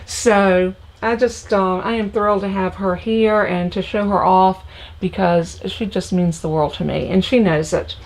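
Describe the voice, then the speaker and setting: A woman's voice: mid-range voice, fairly even intonation, unhurried. Older woman, Southern accent, folksy chatter, craft-stream host, greets viewers by name. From United States. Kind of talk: casual live-stream chat.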